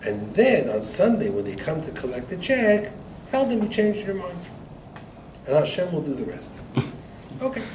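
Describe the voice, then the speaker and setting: A man, a rabbi, teaching a Torah class to students, telling a story with lively acted-out dialogue and frequent laughter. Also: sits high, moderate pace, pauses often. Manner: animated joke-telling, acting out dialogue, laughs often. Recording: echoey room recorded from far off, noisy.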